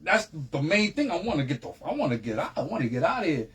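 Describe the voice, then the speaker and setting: A man's voice: a little high, big pitch swings, quick pace, fairly bright tone, breathy edge. A man, a guest telling a long story in a casual, streetwise way with heavy slang and repeated phrases. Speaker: interview guest.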